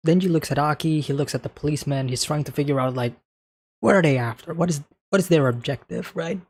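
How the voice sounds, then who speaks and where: A man's voice: fairly high pitch, fast talker, darkish tone, breathy edge. A man hosting an anime reaction, talking casually and thinking aloud as he comments on each scene, often checking in with "right?".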